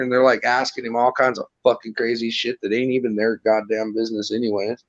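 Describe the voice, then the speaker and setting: A man's voice: medium pitch, flat delivery, fairly quick, hardly any pauses, a bit bright, no echo, muffled recording. A man in casual online chat, talking in a laid-back, rambling, profane way.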